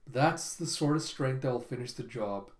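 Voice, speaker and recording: A man putting on a low, cool-headed male spy. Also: expressive, echoey room, lightly acted. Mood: earnest. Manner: low, measured inner monologue. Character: calm, calculating adult male spy.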